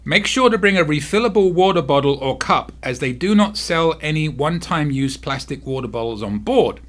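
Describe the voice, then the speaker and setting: A man with a slightly high voice gives cruise tips to camera from home. He keeps it soft because his face hurts to move, and he keeps breaking off to deal with a cat that will not settle. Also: animated, brisk. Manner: talks softly, easily distracted by a restless cat. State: sore face, sore to talk. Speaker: cruise vlog host. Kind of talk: casual to-camera vlog.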